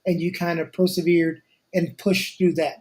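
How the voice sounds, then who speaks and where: A man's voice: on the high side, little pitch movement, normal speed, darkish tone. A man hosting an interview show, asking questions in a loose, conversational way and reading out questions from listeners. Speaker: show host. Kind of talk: casual interview.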